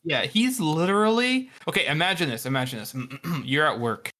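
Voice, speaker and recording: A man co-hosting a book podcast, telling animated stories and swearing freely. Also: a little high, moderate pace. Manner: profane, animated storytelling. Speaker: podcast co-host. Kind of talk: casual book discussion.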